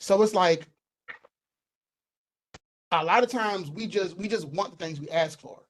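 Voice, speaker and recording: A young man holds forth on a casual podcast, fairly high in pitch. He is animated and emphatic and circles back over the same words to drive a point home. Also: unhurried, low-quality recording. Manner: animated, emphatic, repeats himself for stress. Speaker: podcast co-host. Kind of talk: casual opinionated chat.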